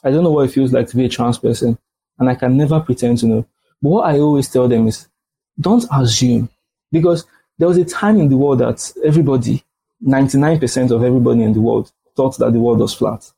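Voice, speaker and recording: A man with a Nigerian accent speaks earnestly as a guest in a casual podcast chat, often repeating phrases for emphasis. His voice is gravelly and husky, with a dark, mellow tone. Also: medium pitch, fast talker, low-quality recording.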